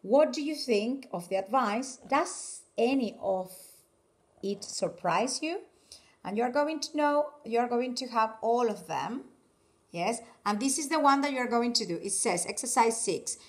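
A woman's voice: on the high side, lively intonation, a little slow. A woman teaching an English class. She keeps checking understanding with "yes, okay?". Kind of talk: online class instruction. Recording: echoey room, distant mic.

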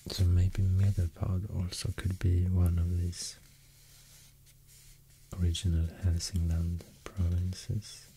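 A very dark, mellow male voice with a Swedish accent, drifting between soft speech and whisper close to the mic. He talks slowly and evenly in a low, flat register, with frequent hesitant pauses, in a soft-spoken ASMR delivery. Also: a little hiss or hum. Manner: soft, mostly whispered, hesitant with many fillers. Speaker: ASMR host.

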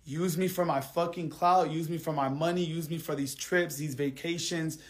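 A man ranting angrily to his livestream viewers. He swears heavily, repeats himself, and swings between quiet, subdued stretches and heated outbursts. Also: on the high side, steady tone, normal speed. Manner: angry, heavily profane venting; repetitive, drops quiet then heats up. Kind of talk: live stream rant to viewers.

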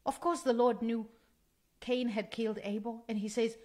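A woman with a slightly high voice preaches a sermon. She speaks in an earnest, emphatic way and repeats key phrases for stress. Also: little pitch movement, moderate pace, a little mellow.

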